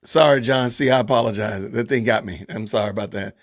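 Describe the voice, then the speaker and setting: A man hosting a casual live stream, animated and laughing often as he reads viewer comments aloud. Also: fairly low pitch, fairly quick. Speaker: podcast host reading live chat.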